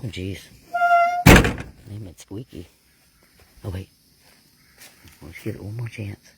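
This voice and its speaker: A man researching bigfoot, talking casually and excitably to the camera outdoors in the woods at night. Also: lowish voice, measured pace, heavy background noise. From Florida. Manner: talkative, hushed and excitable. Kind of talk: casual field narration to camera.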